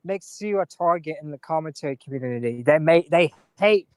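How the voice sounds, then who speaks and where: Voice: medium pitch, expressive, fairly quick, darkish tone, smooth, no echo. A co-host on a casual commentary stream, talking bluntly with frequent profanity.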